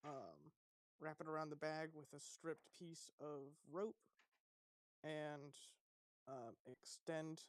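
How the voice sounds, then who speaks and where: Higher-voiced guy playing a tabletop game, stammers and thinks out loud. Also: steady tone, slow pace, no room sound.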